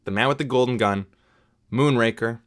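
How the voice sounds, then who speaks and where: A man's voice: medium pitch, moderate pace, fairly bright tone. A man giving a casual spoken film review, chatty and opinionated, with frequent asides to the viewer.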